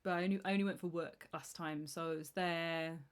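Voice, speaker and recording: A woman's voice: low-pitched, steady tone, brisk. Woman rambling on her stream, lots of restarts, laughs at herself. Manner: chatty, rambling, self-deprecating with frequent restarts. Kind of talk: casual chat.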